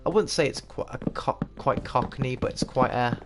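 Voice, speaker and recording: A man's voice: mid-range voice, moderate pace, loud music behind the voice. A young man from the UK with a slightly posh English accent, chatting in a rambling way while playing a game and laughing at himself. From United Kingdom. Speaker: gaming YouTuber. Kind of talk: casual gameplay commentary. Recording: noisy recording with mouse clicks.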